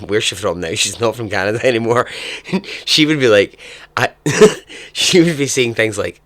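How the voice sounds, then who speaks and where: A man, hosting a podcast and telling a true story in a casual, chatty way, breaking into animated asides and frequent laughs. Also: lowish voice, fairly quick, dry recording. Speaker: podcast host.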